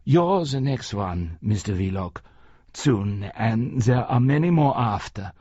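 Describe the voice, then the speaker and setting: Earnest elderly nazi hunter, voiced by a man, grave warning tone, lively pitch, husky. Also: takes it slowly, dry recording. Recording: dry, slightly muffled recording.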